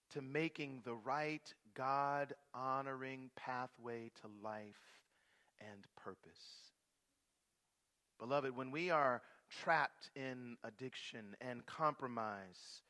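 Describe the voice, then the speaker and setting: A male pastor preaching a sermon in an emphatic, drawn-out way. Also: mid-range voice, big-room sound. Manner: slow, emphatic, swelling to shouts.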